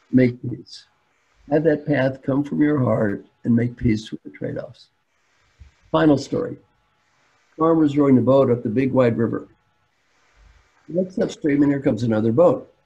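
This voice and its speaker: Older male coach, webinar talk, plainspoken storyteller, mellow husky voice, dull audio. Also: mid-range voice, moderate pace, long pauses. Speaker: speaker, coach.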